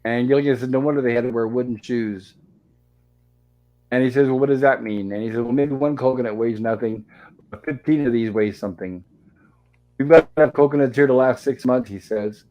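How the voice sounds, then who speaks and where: The audio is dull as a man with a mid-range voice talks briskly while hosting a live stream. He gives a casual episode recap, reading the dialogue aloud without much acting.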